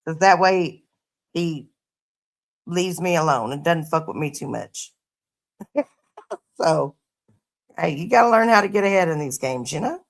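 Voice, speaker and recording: A middle-aged woman with a gravelly, fry-laced voice sitting a bit low for a woman. She chats to her livestream viewers and tells stories in a laid-back, profane way. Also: animated, measured pace, pauses often. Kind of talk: casual livestream chat. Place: her home.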